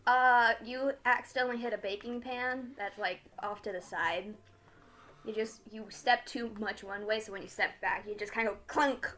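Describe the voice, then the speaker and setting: Bright-voiced woman running a tabletop game. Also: fairly high pitch, fairly even intonation. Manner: halting, many fillers, laughs at own jokes. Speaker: game master.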